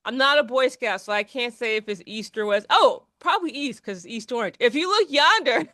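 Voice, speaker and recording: A woman's voice: fairly high pitch, animated, a little fast, a bit bright, dry recording, studio quality. A woman co-hosting a podcast, rambling in casual chat with lots of restarts and fillers. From New Jersey. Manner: rambling, many restarts and fillers, laughs often. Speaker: podcast co-host.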